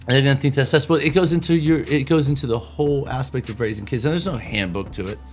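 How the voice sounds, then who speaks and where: On a casual podcast, a co-host in his thirties talks about raising kids with blunt, profane, animated storytelling. His mid-range voice moves fast, and faint music plays in the background.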